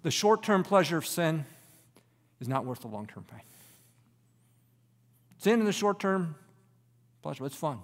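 Male preacher, slightly high voice, dramatic shifts from loud to hushed, big reverberant sanctuary sound. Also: unhurried, long pauses. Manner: expressive preaching, drops to a hushed near-whisper for emphasis. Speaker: pastor. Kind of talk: sermon.

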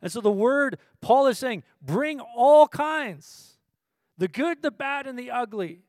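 Male pastor, high-pitched, dry close recording, impassioned sermon delivery. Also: animated, takes it slowly, no room sound. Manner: swings from low, quiet teaching to loud, impassioned preaching; asks the audience questions.

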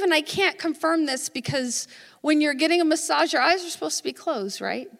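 A woman pastor telling a story in a sermon, dramatic and dropping into hushed whispers. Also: high-pitched. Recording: echoey hall.

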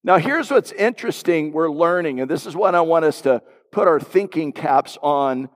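In a church sanctuary with long hall reverb, a middle-aged pastor preaches, his fairly high voice animated and moderately paced. He shares a personal story, breaking off for conversational asides to the congregation.

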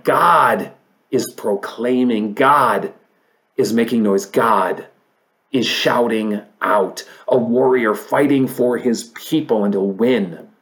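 A man preaching a sermon, reading scripture aloud and swinging from emphatic peaks to quiet, low stretches. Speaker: pastor.

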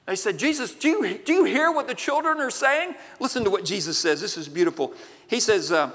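A man preaching, his high, lively voice bright and forceful as it rises and drops. His words ring out with a long reverb through a large church sanctuary. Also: fairly quick. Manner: animated, swinging from loud to hushed. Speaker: pastor. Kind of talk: preaching a sermon.

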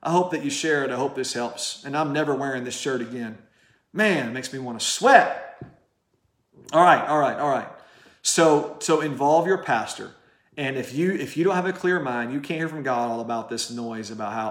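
A man's voice: fairly high pitch, lively intonation, moderate pace, a bit bright, roomy sound. A man preaching a sermon straight to camera, passionate and direct, firing rhetorical questions at the listener. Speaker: pastor.

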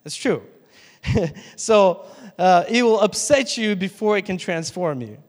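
A man's voice: sits high, lively intonation, a little slow. Man preaching in a reverberant church hall. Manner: conversational preaching with laughs and asides to the congregation. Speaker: pastor. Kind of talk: sermon.

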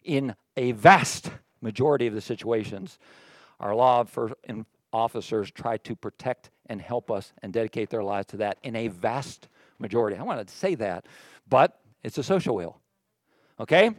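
A man preaching a sermon in a church, animated and jokey, swinging from quiet asides to loud emphatic reading. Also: mid-range voice, normal speed, no room sound. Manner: jokey, sarcastic asides to the congregation. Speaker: pastor.

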